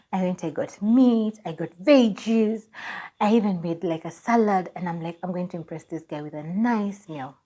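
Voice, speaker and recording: A young Kenyan woman in her twenties telling a personal story on her vlog, lively and laughing as she acts out what people said. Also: mid-range voice. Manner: animated, laughing, acts out dialogue. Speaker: vlogger.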